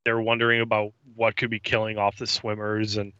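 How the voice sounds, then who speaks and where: A man in a casual podcast chat, recapping an episode slowly with many ums and uhs. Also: fairly low pitch, completely flat delivery, pushed and bright, clear, resonant tone, no echo. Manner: halting narration full of ums and uhs. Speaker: podcast co-host. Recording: dry, dull lo-fi mic.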